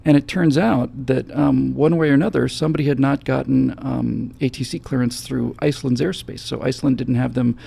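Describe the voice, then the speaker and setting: A male host telling a story in relaxed, conversational talk, acting out the moments as he goes. His voice is heavily gravelly and dark, with a husky, breathy grain. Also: medium pitch, fairly quick, hardly any pauses. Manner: animated storyteller, acts out scenes. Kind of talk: casual storytelling chat.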